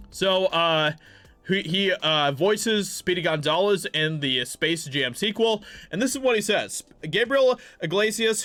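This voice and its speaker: A man's voice: fairly high pitch, a bit bright, no room sound. A man in sarcastic, mock-outraged opinion commentary, reading news aloud and reacting. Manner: sarcastic, mock-outraged, with filler words and restarts. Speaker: commentary YouTuber.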